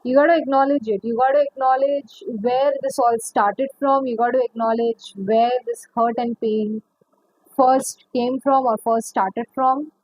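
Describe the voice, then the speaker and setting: A woman's voice: on the high side, steady tone, a little slow, a little mellow, dry recording, poor audio. A woman giving a pick-a-card tarot reading, chatty and rambling, calling the viewer honey. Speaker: tarot reader.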